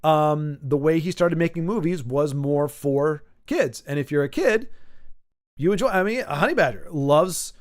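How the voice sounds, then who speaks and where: A man in his forties talks casually on a stream. He rambles, restarts his sentences and jumps animatedly between thoughts. His voice sits a little higher than most men's. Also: a little slow. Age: 40s.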